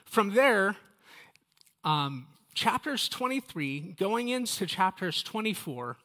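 A man's voice: high voice, very animated, slow pace, bright, forceful tone. A man teaching a casual Bible study, talking straight to his listeners in a chatty, conversational way.

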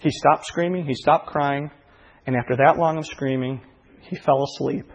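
A pastor with a mid-range voice preaches a sermon at a moderate pace, his tone steady even as it swells with emotion while he earnestly recounts a personal story. The recording is dull and set in a reverberant hall.

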